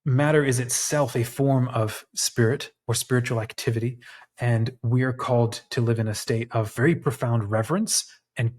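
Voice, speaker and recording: A man's voice: mid-range voice, normal speed, a little mellow. Thoughtful man musing with many restarts. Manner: thoughtful, searching for words with frequent restarts. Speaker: podcast host. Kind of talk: reflective monologue.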